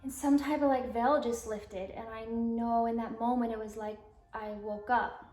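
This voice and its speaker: A woman's voice: fairly high pitch, fairly even intonation, normal speed, darkish tone, faint music behind. Southern-raised woman telling her story, echoey. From Alabama, US South. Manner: rambling, lots of "like", acts out quoted dialogue. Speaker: guest. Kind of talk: personal storytelling interview.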